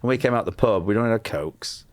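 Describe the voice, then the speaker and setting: A man's voice: on the low side, fast talker. A man, a comedian telling a rambling, self-mocking story as a podcast guest, laughing often. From Lancashire, England. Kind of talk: casual anecdote telling.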